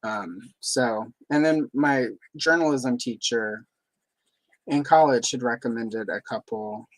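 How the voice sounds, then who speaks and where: A woman's voice: rumbling low, slow, dry recording, poor audio. A woman from the Southern United States who has no accent, chatting casually and rambling as a livestream host. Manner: chatty, rambling, many fillers. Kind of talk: casual chat.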